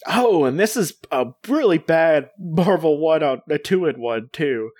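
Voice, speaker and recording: Male podcast co-host, rambling and casual, a bit high, dry mic. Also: lively intonation, measured pace, a little mellow, no room sound. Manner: rambling, full of "like" fillers and restarts. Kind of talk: casual chat.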